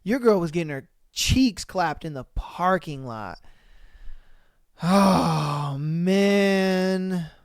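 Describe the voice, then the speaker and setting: A man's voice: sits high, expressive, extremely slow, vocal fry, no echo, studio quality. A man hosting a podcast who reads dating stories aloud and reacts with slangy, exclamatory rants, calling his listeners bro. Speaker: podcast host. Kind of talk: casual reaction commentary.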